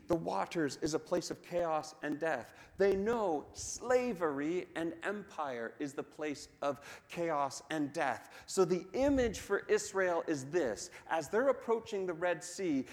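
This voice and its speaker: A man delivering a sermon at an unhurried pace, his voice a touch higher than most men's. He tells the story with animated delivery, slipping into the voices of the people in it. The sound carries a long church-hall reverb. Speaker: pastor.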